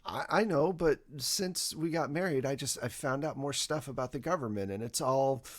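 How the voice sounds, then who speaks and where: A man's voice: medium pitch, normal speed, close to an everyday voice. A man playing an agitated, paranoid husband. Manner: anxious, insistent, swears.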